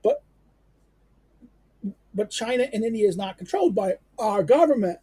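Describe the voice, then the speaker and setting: A man's voice: high voice, big pitch swings, normal speed, warm tone, breathy edge, no echo. A man giving an unscripted lecture, rambling and emphatic, with many fillers and restarts.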